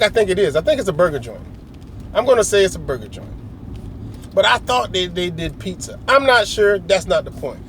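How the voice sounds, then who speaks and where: A man's voice: high-pitched, a bit bright, slight background noise. A middle-aged man telling a long, rambling story in a casual, slangy way, often acting out other people's lines. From United States. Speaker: vlogger.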